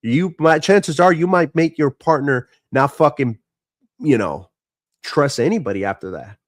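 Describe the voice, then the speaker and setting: A man's voice: fairly high pitch, expressive, a little slow, no room sound, studio quality. A man streaming live, frankly telling a personal family story in a casual, profane and emotional way.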